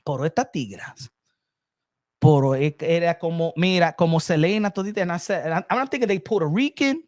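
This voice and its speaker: A man hosting his own boxing channel, telling stories in a rambling, animated casual chat full of restarts. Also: fairly high pitch, fairly quick.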